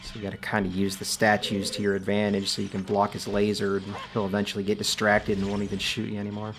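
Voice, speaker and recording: Chatty low-voiced man doing gameplay commentary. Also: quick pace, soft background music. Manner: relaxed and chatty, with frequent filler words. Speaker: let's play host.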